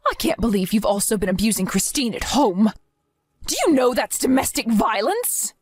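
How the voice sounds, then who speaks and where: A woman's voice: fairly high pitch, sing-song, moderate pace, darkish tone, breathy edge, no room sound. A woman voicing a protective, stern grandmother who demands answers and scolds firmly in a dramatized story. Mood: scolding. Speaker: narrator and grandmother.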